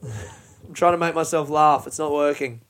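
A man's voice: on the high side, steady tone, a little fast, a bit bright. A man hosting a podcast on his own, talking in a rambling, frank, self-mocking way and swearing often. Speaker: podcast host and stand-up comedian. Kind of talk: casual solo podcast monologue.

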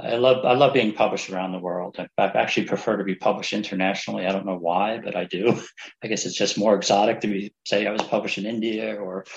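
A man's voice: lowish voice, lo-fi sound. A man from New Jersey, a writer guest on a radio interview, chatting in a friendly, easygoing way. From New Jersey, United States. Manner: friendly and chatty, laughs easily.

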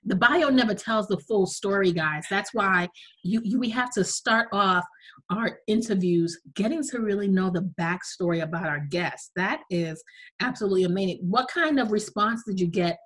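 A woman's voice: medium pitch, normal speed, fairly bright tone, poor audio. A woman hosting an interview podcast, enthusiastic and effusive, with a slight cough. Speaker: podcast host.

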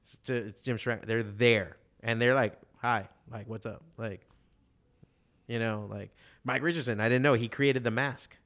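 A man in casual conversation, telling animated stories with a lot of swearing and acting out what other people said. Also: medium pitch, unhurried. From Miami, USA. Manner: animated storytelling, heavy swearing, quotes others in voices. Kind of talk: casual chat.

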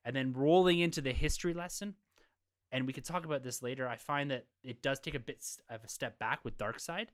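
On a podcast panel, a man with a medium-pitched voice casually talks through a film, offering a measured, analytical review.

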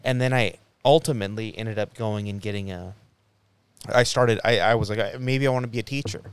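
A man's voice: lowish voice, a little fast, smooth, dry recording. A young man co-hosting a podcast round table, telling a long story in casual chat, swearing often and restarting his sentences. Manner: profane, rambling storytelling with frequent restarts. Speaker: podcast co-host.

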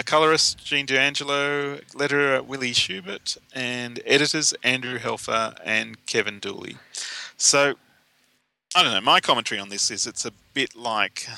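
A man recaps comic book stories for a podcast, chatty and wry. His voice is gravelly and sits a little low. It also has a very bright, crisp edge. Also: low-quality recording. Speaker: podcast co-host. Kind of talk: casual comic book discussion.

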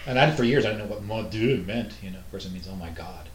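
A man's voice: lowish voice, fast, slight background noise. A man telling family stories in casual conversation, laughing often. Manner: lively storyteller, laughs often. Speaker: guest musician. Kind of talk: casual chat. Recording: echoey room.

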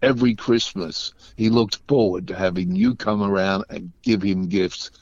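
A man from Australia telling anecdotes casually as a guest, animated and acting out the voices of people in his stories. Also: low-pitched, normal speed, dull audio, a little hiss or hum. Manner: animated storytelling, acts out voices. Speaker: guest storyteller.

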